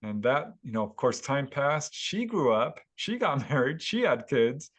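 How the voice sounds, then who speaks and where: A man, a guest author, telling a story at length in a casual interview, animated and laughing now and then. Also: mid-range voice, a little slow. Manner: animated retelling with chuckles. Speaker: guest author and UFO investigator.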